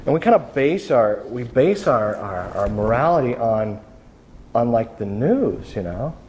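A man's voice: medium pitch, big pitch swings, a little slow, darkish tone, slight background noise. A man preaching a sermon in a loose, conversational storytelling way, often restarting his sentences. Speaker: pastor.

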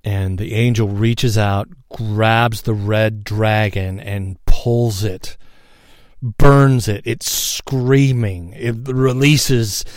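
A man narrates a guided visualization story in a low, very unhurried voice. He talks casually, checks in often and gives soft chuckles, and the sound is close and dry. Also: fairly even intonation, dry recording. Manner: casual, repeats "right?", chuckles softly.

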